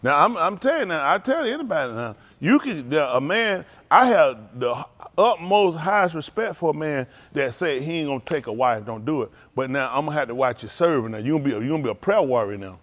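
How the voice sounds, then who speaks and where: Male pastor, joking sermon style, laughs a lot, slightly higher voice. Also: expressive, brisk. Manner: loud, laughing, playful banter with the congregation; drops to a low, quiet earnest tone for counsel. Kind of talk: joking sermon talk to a congregation.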